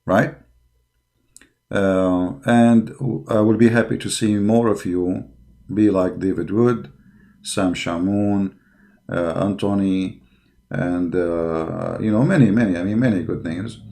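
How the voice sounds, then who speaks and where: A man's voice: deep voice, steady tone, takes it slowly, creaky, dark tone. A man giving an impassioned online commentary in non-native English. He talks in a combative, preaching way, with frequent fillers. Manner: combative and preaching, grows heated and mocking. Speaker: religious commentator.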